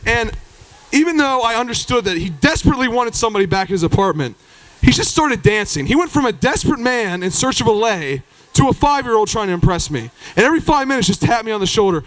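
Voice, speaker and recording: A male stand-up comedian telling a profane, animated story live on stage into a handheld mic. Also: very high-pitched, quick pace, no echo, poor audio. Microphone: handheld stage microphone.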